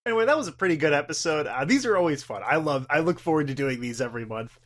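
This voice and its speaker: A man's voice: on the high side, expressive, fast talker, fairly bright tone. A young man co-hosting a podcast, rambling in casual chat with lots of fillers and swearing. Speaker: podcast co-host.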